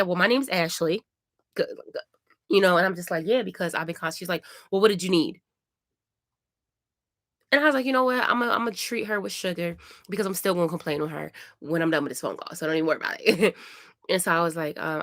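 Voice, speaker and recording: A woman vlogging from home, a mother telling a story in a chatty, animated way and acting out the lines of the people in it. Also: lowish voice, dry recording, clean studio sound. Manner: animated, chatty retelling with acted-out quotes. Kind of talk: casual vlog storytelling.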